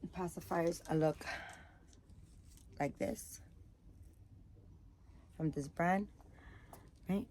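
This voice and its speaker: A tired woman talks casually to her viewers, rambling with plenty of fillers. Her voice sits a little low, and a faint room ambience hums behind her. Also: very slow, long pauses, darkish tone, a little hiss or hum. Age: adult, has a daughter. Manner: chatty, rambling, many fillers. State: tired, yawning. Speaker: vlogger showing baby doll items. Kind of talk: casual chat to camera.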